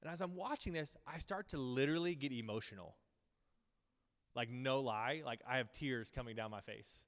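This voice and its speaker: This clip features a pastor in his thirties teaching a Bible school series. His sermon is casual and earnest, wandering with lots of fillers and restarts, delivered at normal speed in a mid-range, somewhat bright voice, with long reverb from a big hall.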